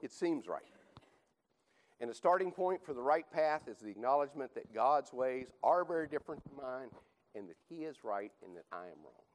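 A man's voice: mid-range voice, expressive, moderate pace, low-quality recording. A man teaching a Bible class, emphatic and repeating his points, often checking in with a rhetorical "right?". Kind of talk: teaching sermon.

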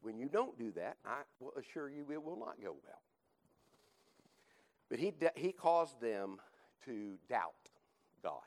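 Brief: male Bible teacher preaching to a class, emphatic, repeats himself, mid pitch. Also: very animated, a little slow, pauses often, darkish tone, poor audio. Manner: emphatic, repeats points, rhetorical "right?". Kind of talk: teaching sermon.

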